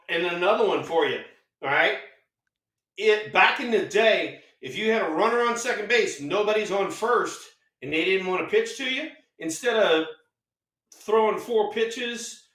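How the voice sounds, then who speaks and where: Recorded off-mic in an echoey space, a high-voiced older man, once a baseball player and now a co-host, unhurriedly tells stories in casual conversation. He's lively, acts out each exchange, and swears without holding back.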